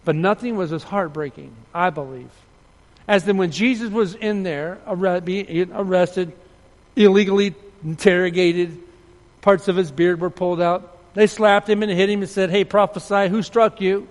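A man preaching with earnest feeling, his voice a little higher than most. He swings from loud storytelling to soft, low appeals. The sound carries a long reverb from a large hall. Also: normal speed. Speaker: pastor. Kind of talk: sermon.

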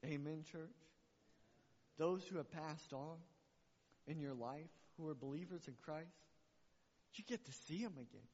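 A man's voice: fairly high pitch, measured pace, pauses often, a little mellow. A man preaching a sermon to his church, passionate and repeating phrases for emphasis. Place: church sanctuary. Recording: muffled recording with long hall reverb.

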